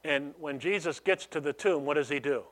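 Fairly high-pitched and brisk, this male pastor delivers his sermon like a conversation, explaining a passage with frequent restarts and repeated "you know"s.

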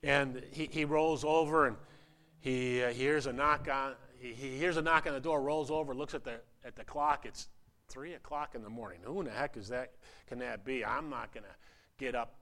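A male pastor preaching a sermon in a halting, repetitive way, with a story woven in. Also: mid-range voice, fairly bright tone.

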